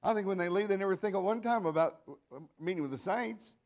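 Older male preacher, folksy conversational sermon, slightly high voice. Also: quick pace, a little mellow.

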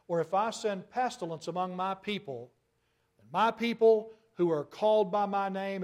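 A male preacher delivering a sermon in a high voice. He keeps asking rhetorical questions and leans hard on his key words, getting louder on them. His tone is emphatic and insistent.

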